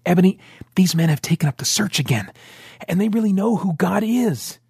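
A man's voice: high voice, animated, brisk, vocal fry, darkish tone, slightly rough, no echo, studio quality, pitched above the performer's own voice, heavily acted. A man voicing a passionate, insistent young male rebel in an audiobook.

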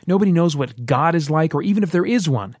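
A man's voice: a little high, animated, fairly quick, a little mellow, breathy edge, no room sound, studio quality, pitched above the performer's own voice. A man voicing a passionate, insistent young male rebel in an audiobook.

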